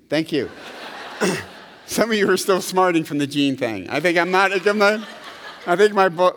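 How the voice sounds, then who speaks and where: A middle-aged male pastor preaching a conversational, animated sermon, often checking in with "right?". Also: fairly high pitch. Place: church sanctuary. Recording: long hall reverb.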